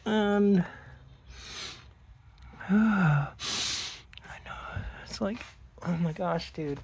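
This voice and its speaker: Woman vlogger in her garage, low mellow voice, talks slow, cusses a lot, bit of noise behind her. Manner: excited, swearing, talking to herself. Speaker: car vlogger. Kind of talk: casual self-narration while working. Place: garage, indoors.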